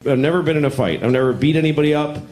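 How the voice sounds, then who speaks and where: Deadpan stand-up man in his forties. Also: fairly high pitch, racing, background noise. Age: 40s. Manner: deadpan, self-deprecating, acts out voices. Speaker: stand-up comedian. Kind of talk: stand-up routine. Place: stage before a laughing audience.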